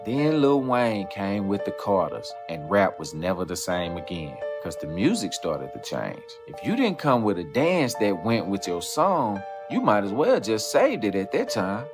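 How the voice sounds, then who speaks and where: A man with a low voice tells the story in a lively, rising-and-falling way. Music plays clearly behind him. He keeps the listener hooked with rhetorical questions. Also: measured pace, hardly any pauses. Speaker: commentary narrator. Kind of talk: scripted narration over music. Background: background music.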